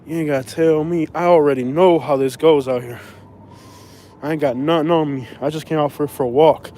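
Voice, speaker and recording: A man's voice: fairly high pitch, steady tone, fairly quick, mellow. A man from Florida with a Southern accent, rambling in slangy street talk while walking outside in the snow, recorded on a handheld phone. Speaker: vlogger. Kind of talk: casual walking vlog. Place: outdoors on a snowy windy street. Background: traffic and outdoor ambience.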